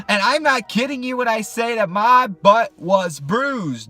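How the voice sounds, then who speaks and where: Sex: man. Style: casual storytime vlog. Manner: animated, jokey. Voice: bright, fairly high, with faint music. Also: moderate pace, few pauses. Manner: animated, jokey, talks straight to camera.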